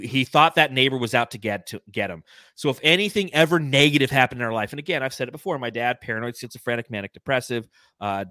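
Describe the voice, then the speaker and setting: A man's voice: medium pitch, bright, forceful tone, no echo. A man in his thirties from California, hosting a podcast and telling rambling, self-mocking childhood stories full of fillers. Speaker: podcast host. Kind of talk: casual storytelling chat.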